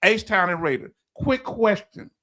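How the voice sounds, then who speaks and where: Male livestream host, Southern accent, fairly high voice, laughs easily and trips over his words. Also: animated, measured pace, bright, forceful tone. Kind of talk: casual livestream chat, reading viewer comments.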